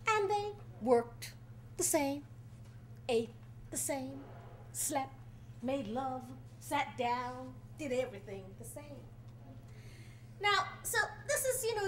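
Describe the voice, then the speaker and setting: Storyteller, woman, very high and swooping voice, dramatic, chats with the audience. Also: a bit bright, a little hiss or hum. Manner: dramatic, playful, talks directly to the audience. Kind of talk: live folk storytelling performance. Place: college event before a live audience.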